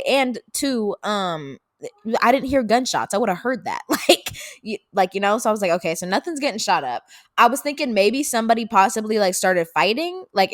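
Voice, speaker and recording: A woman of about eighteen from Seattle, co-hosting a podcast and telling a story in casual, profane, animated chat. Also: mid-range voice, no echo, studio quality. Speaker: podcast co-host, daughter.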